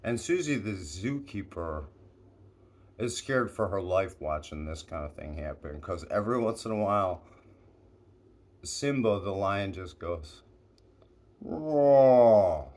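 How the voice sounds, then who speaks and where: A man's voice: low voice, measured pace. A man spinning an improvised story, meandering with restarts and asides.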